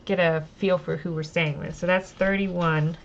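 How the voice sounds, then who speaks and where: A woman's voice: fairly low pitch, fairly even intonation, moderate pace, muffled recording, slight background noise. Woman reading a gamebook on stream. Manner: casual, self-deprecating, muses over choices. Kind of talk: reading aloud with casual asides.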